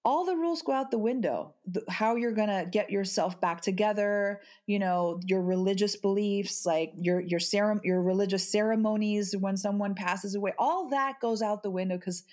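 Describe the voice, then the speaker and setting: A middle-aged woman speaking as a podcast guest, halting and repeating her words as she talks through grief. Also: mid-range voice, steady tone, darkish tone. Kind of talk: emotional podcast conversation.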